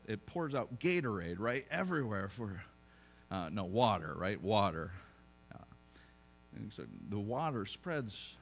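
A man's voice: lowish voice, fairly bright tone. Conversational man preaching a sermon. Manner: conversational storytelling with joking asides and frequent restarts. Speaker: pastor.

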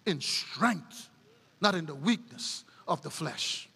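A middle-aged woman preacher giving a sermon, mixing animated preaching with folksy stories about her family. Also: low-pitched, slow pace, slightly rough, in a large hall.

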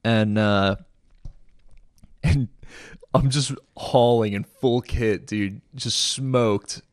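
A man, a military veteran, recalling combat in a relaxed, chatty podcast conversation. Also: medium pitch, extremely slow, dry recording, studio quality. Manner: relaxed, chatty retelling with friendly asides. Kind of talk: casual storytelling conversation.

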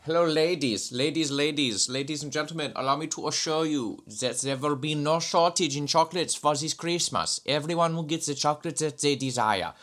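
A man's voice: a little high, fairly quick, few pauses, fairly bright tone, voice pushed up, lightly acted. A man putting on a voice as a pompous male company spokesman reassuring the press. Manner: formal, mock-official, stumbling.

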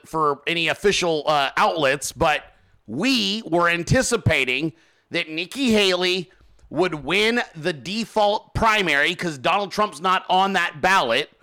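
A male show host rants hard on his political commentary show, mocking his targets and swearing freely. His voice is bright, sharp and pitched high for a man.

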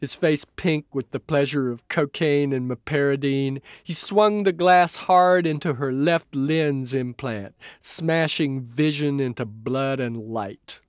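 A man's voice: medium pitch, slow pace, hardly any pauses, smooth, no room sound. Man reading an audiobook, dry sound. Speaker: audiobook narrator. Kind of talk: scripted narration.

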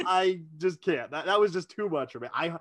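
A man's voice: on the high side, animated, moderate pace, a bit bright, dry recording. A man co-hosting a casual chat, telling a long self-deprecating story with lots of energy. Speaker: podcast co-host.

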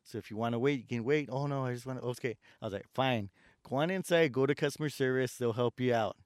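A man's voice: mid-range voice, fast, no room sound, clean studio sound. A man ranting casually about his customer service job, swearing and acting out the customers he deals with. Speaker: store door greeter in customer service. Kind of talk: casual chat.

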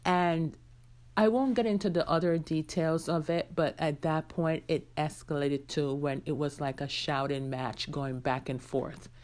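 A woman with a low voice tells a personal story on her podcast, unhurried and candid. She talks straight to her listeners as if they were friends in the room. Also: steady tone, a little mellow. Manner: candid, conversational, addresses listeners directly. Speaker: podcast host.

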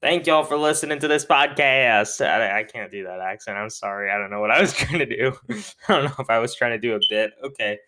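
A man's voice: on the low side, fairly even intonation, quick pace. A man hosting a podcast, wrapping up in a casual, rambling way and correcting himself as he goes. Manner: rambling, self-correcting, joking. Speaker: podcast host.

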